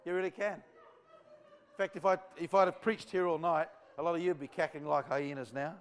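A man's voice: on the high side, fairly even intonation, fast. A man preaching a revival sermon to a church congregation, fervent and rambling in a conversational way. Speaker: visiting evangelist.

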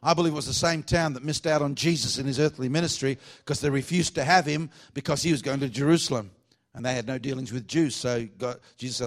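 A man with an Australian accent preaching a revival sermon to a congregation, jokey and exuberant, swinging from hushed asides to shouts. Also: mid-range voice, fast talker, few pauses. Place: church hall before a congregation.

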